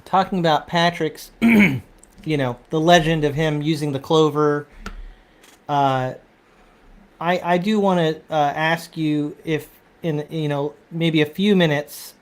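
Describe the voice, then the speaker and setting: Man hosting a casual chat. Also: on the high side. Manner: halting, many restarts and throat clearing. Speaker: host.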